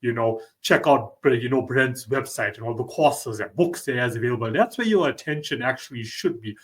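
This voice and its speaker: Male podcast host, average pitch, relaxed chatty delivery with constant fillers. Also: normal speed. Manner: loose, leans on fillers like "you know" and "like". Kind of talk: casual chat.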